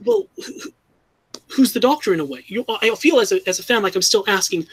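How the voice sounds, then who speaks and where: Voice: mid-range voice, big pitch swings, fairly quick, slightly rough, no room sound, low-quality recording. A fan commentator giving an earnest, critical opinion, often restarting and correcting themselves mid-sentence.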